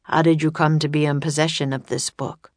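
A woman voicing a man of the court, described as deep and gruff, in a storybook reading. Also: little pitch movement, brisk, dry recording, lightly acted. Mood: probing.

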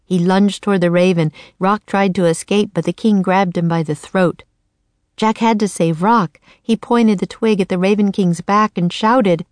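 A woman narrating a children's storybook in a clear, steady storytelling voice. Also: medium pitch, a little slow, no room sound.

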